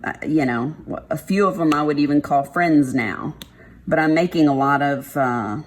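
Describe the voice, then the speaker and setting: Texan woman, craft vlog chat, low voice, unhurried, rambling and frank. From Texas. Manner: rambling, frank, uses y'all and mild swearing. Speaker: craft vlogger. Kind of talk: casual chat while diamond painting.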